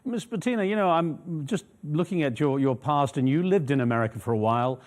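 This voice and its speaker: Male news interviewer, quick delivery, probing questions padded with fillers. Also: on the high side, expressive, darkish tone.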